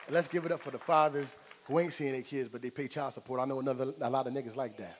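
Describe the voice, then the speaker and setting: A man doing a profane stand-up comedy set, loud and animated, telling stories on a comedy club stage. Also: medium pitch, fast talker, few pauses. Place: comedy club stage before a live audience. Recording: live room with long reverb, crowd noise.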